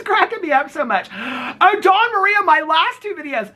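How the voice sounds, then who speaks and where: This man's voice is very high and very animated, with a bright, forceful tone at normal speed. Vlogging in a loose, chatty style, he reads out comments from viewers, needles commenters by name, and gossips away, calling people honey and sweetheart.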